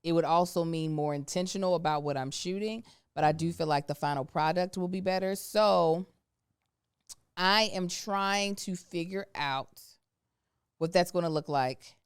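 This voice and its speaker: A woman with a low, smooth and resonant voice talks candidly on her podcast. She tells stories with animated, slangy energy, and her voice sounds dry and close to the mic. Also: moderate pace, no echo. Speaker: podcast co-host. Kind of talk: casual podcast chat. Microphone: studio microphone.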